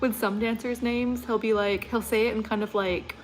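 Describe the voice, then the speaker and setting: A woman's voice: on the high side, steady tone, moderate pace, rough recording. A woman vlogger chatting casually on a livestream, rambling and laughing often. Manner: mimics an announcer's voice.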